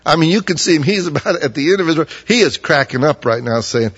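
A man's voice: on the high side, animated, fast, hardly any pauses, breathy edge. Man preaching in a reverberant hall. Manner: acts out quoted prophets in loud, pleading bursts. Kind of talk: sermon. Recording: muffled audio with long hall reverb.

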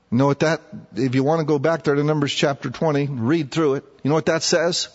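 A man preaching a sermon in a folksy way, acting out scripture characters in casual, everyday voices. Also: on the high side. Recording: muffled, echoey hall.

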